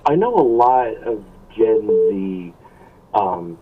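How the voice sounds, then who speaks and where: A man's voice: on the low side, big pitch swings, takes it slowly, husky. A man calling in to a talk show, chatting casually with wry asides. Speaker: caller. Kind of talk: casual phone chat. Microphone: phone call. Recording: tinny distant phone line.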